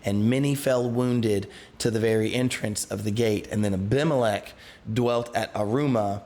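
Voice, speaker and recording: A man's voice: lowish voice, normal speed, dark tone. A man who is a pastor leads a Bible study. He reads scripture aloud and then retells it in a loose, everyday way, with restarts and asides.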